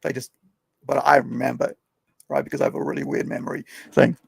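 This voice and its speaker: A man's voice: medium pitch, big pitch swings, fast, vocal fry, breathy edge, no echo. A young man hosting a podcast, telling stories in a rambling, conversational way and often tagging his sentences with questions. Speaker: podcast host. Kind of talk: casual storytelling chat.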